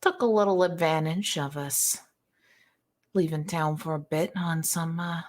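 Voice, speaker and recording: A woman's voice: low-pitched, fairly even intonation, a little slow. A woman voicing an aging male mob boss in a tabletop game, with a put-on mobster accent and a folksy, schmoozing drawl. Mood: scheming.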